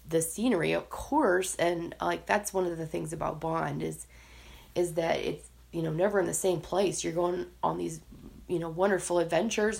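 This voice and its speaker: A woman co-hosting a podcast, chatting in a casual, animated way and laughing often between thoughts. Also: medium pitch, vocal fry. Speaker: podcast co-host.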